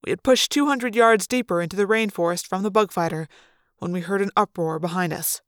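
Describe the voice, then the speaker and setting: A woman reads a novel aloud in a slow, deliberate dramatic style. Her voice sits at a middle pitch and is recorded close and dry, with no room sound. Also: clean tone, no room sound. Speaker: narrator. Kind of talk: audiobook reading.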